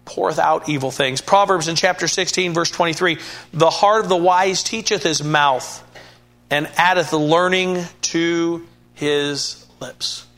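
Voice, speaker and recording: A man's voice: fairly high pitch, unhurried, fairly bright tone. A man preaching a sermon in an earnest way, often repeating and restarting words and rising to emphatic bursts.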